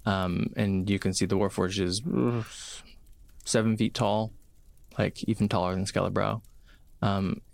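A man narrating a tabletop game as game master, in a casual, relaxed way with many fillers. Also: fairly low pitch, a little slow, vocal fry.

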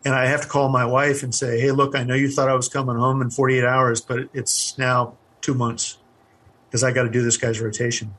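A middle-aged man, a former army helicopter pilot, telling his story in an interview, candid and halting with many fillers. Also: medium pitch, little pitch movement, a bit bright.

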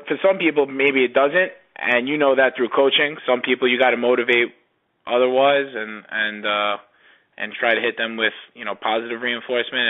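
A man talking as a podcast guest in casual conversation, halting with many restarts. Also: medium pitch, narrow, tinny audio.

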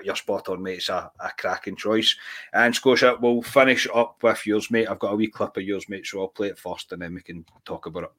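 A man hosting a football podcast, talking casually and warmly about the club's past. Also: lowish voice. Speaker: podcast host.

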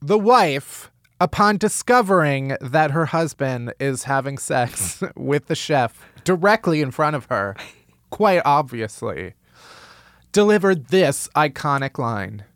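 A man hosting a comedy podcast, telling a story in an animated, wry way and laughing as he goes. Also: fairly high pitch, slow pace, no room sound, studio quality. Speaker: podcast host.

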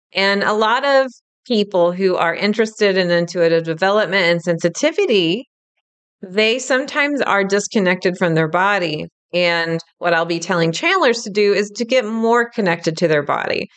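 Chatty woman with a smooth voice. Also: mid-range voice. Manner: animated and chatty, laughs easily, acts out quoted thoughts. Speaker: intuitive development teacher. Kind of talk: casual teaching monologue.

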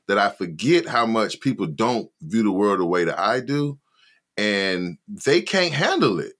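A man's voice: on the low side, a bit bright. A man co-hosting a podcast, talking in a laid-back, conversational way. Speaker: podcast co-host. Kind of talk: casual discussion.

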